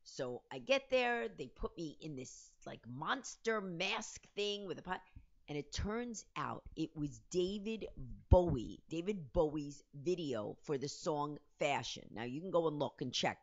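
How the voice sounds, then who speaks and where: A fast-talking woman in her fifties tells a story to her viewers in a low voice. Her pitch swings widely from line to line. The recording is slightly muffled and lo-fi. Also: lively intonation. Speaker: host. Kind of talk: storytelling vlog.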